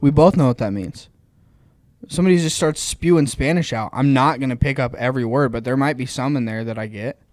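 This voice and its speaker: A man's voice: mid-range voice, fairly quick, darkish tone, no echo. Podcast dude, mid voice, kinda exasperated, ribbing his friend, dry mic. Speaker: podcast co-host. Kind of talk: casual argumentative chat.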